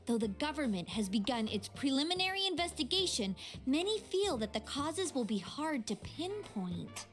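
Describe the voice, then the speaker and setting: A woman voicing a spunky, outspoken teenage girl in an English video game dub, chatty and energetic. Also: sits high, normal speed, hardly any pauses, faint music behind.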